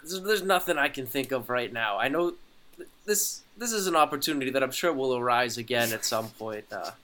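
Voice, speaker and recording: Man playing a clueless snail-riding guide, fake Scottish-pirate accent, bright voice. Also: mid-range voice, expressive, fairly quick, slight background noise. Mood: sheepish. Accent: mock Scottish, piratey and Eastern European. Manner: hesitant, clueless, laughing. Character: bumbling adult male snail-riding guide.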